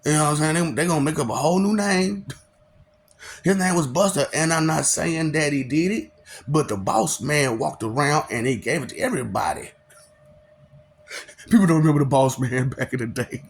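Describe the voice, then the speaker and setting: A man's voice: fairly high pitch, fairly quick, slight background noise. A man in a casual, preachy monologue, chuckling often and asking rhetorical questions. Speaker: vlogger.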